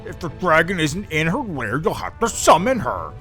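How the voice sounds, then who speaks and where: A spoiled female demon queen who whines and sulks in a raised, petulant voice, put on by a man. Soft music plays behind her in this game voicing. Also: fairly high pitch, wildly swooping pitch, moderate pace. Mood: smug. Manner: whiny, pouting, childish.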